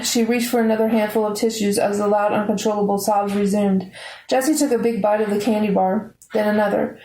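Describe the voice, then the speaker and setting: A woman reading a novel aloud in a steady, measured way. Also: mid-range voice, roomy sound, slight background noise, rough recording. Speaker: audiobook reader.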